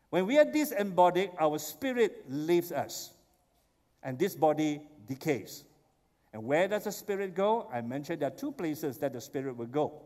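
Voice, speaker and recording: Man, pastor preaching, high voice, lively storytelling, long church reverb. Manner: animated storytelling, rises to excited exclamations. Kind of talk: sermon. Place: church sanctuary.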